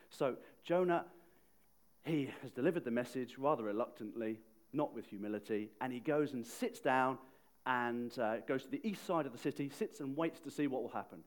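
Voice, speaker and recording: A man preaching a sermon in a conversational way, often asking the listeners questions. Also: mid-range voice. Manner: conversational, asks the audience questions.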